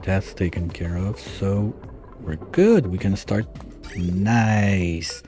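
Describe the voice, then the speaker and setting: Guy doing a chill let's-play, low mellow voice, working stuff out out loud, faint music behind. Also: fairly even intonation, slow. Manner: thinks aloud while planning, muttering calculations. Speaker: gameplay streamer. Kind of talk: casual let's-play commentary.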